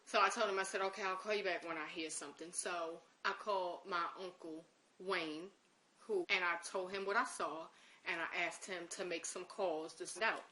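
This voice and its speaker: A woman's voice: lowish voice, fairly even intonation, moderate pace, sharp tone, slight background noise. A woman recounting an emotional personal story in an interview, acting out the conversations she quotes. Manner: emotional recollection.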